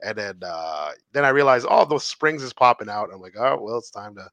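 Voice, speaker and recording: A man's voice: mid-range voice, animated, fairly quick, vocal fry, a bit bright, no room sound, dull audio. A man in a casual comedy podcast chat, laid-back and jokey, slipping into silly voices as he tells stories. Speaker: podcast co-host.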